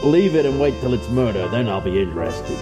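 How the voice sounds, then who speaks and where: A man's voice: medium pitch, sing-song, a little fast, music in the background, natural voice. A man voicing a crude, grizzled older detective in a tabletop game. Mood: gruff.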